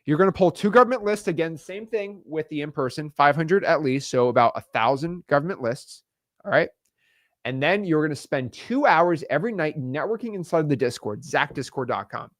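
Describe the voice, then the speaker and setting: Upbeat coach, slangy and emphatic. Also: male voice, on the high side, expressive, fairly bright tone, no echo, clean studio sound. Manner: fast, emphatic, slangy, repeats words for emphasis. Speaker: real estate wholesaling coach. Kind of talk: energetic coaching video lesson.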